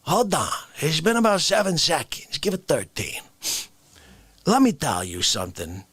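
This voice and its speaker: A man's voice: on the high side, huge pitch swings, normal speed, fairly bright tone, husky, dry recording, heavily acted. A man voicing a blustering, boastful male president who exclaims in outrage. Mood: indignant. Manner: exclaiming, indignant.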